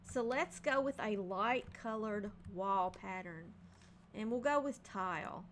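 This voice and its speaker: A woman talks through a game home build in a relaxed, chatty way, pausing often with ums as she decides. Her voice sits at an ordinary middle pitch. A faint hiss runs under the recording. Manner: chatty, thinking aloud with frequent ums. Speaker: game building video creator. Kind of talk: casual gameplay narration.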